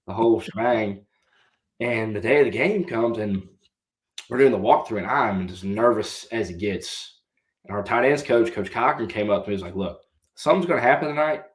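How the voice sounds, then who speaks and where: A young man in his twenties, a podcast guest and former college quarterback, telling a long story in a casual way and answering politely with "yes, sir.". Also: lowish voice. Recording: roomy echo.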